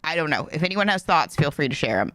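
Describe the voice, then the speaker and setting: A woman hosting a reaction video, giving animated, opinionated commentary that rises when she gets passionate. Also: low-pitched, quick pace, dry recording.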